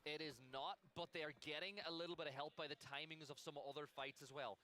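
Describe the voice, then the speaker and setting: A man calling a team shooter match as play-by-play commentary, building excitement on big plays. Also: fairly high pitch, a little fast, slight background noise. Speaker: esports caster. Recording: loud gunfire from game feed.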